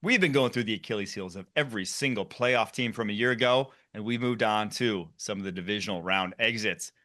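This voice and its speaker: A man hosting a football talk show, animated and quick as he runs the segments. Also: on the low side. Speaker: podcast host.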